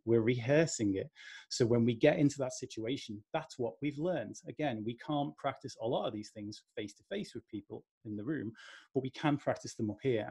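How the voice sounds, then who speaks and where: A man's voice: mid-range voice, creaky, a little mellow, breathy edge. A man with a northern English accent giving a conversational talk over a video call, acting out inner voices as he goes. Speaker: speaker. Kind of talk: talk to an online audience.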